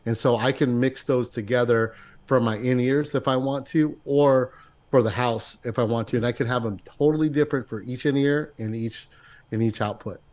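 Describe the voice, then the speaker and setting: Steady man explaining stage rig. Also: mid-range voice, moderate pace. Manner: steady, methodical. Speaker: guest musician. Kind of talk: casual technical explanation.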